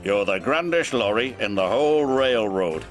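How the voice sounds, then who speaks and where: A man voicing a stout, fond older male railway boss in a storybook reading, proud and a little brisk. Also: mid-range voice, big pitch swings, fairly bright tone. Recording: narration over music.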